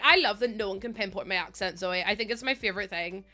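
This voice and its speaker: Chatty Northern Irish woman, bright voice. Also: mid-range voice, fast, soft background music. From Northern Ireland. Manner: chatty, laughs often, rambling asides. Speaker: game streamer. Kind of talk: casual live-stream chat, greeting viewers.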